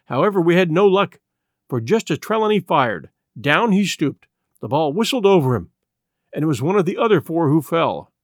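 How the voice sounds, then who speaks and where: Male audiobook narrator, measured and even, light-pitched voice, dry close sound. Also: no room sound. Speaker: audiobook reader. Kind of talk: scripted narration.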